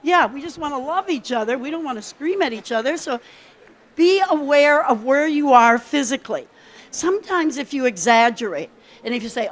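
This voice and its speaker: A woman giving a lively conference workshop talk, coaching the audience directly from the stage. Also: sits high, normal speed. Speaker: keynote speaker.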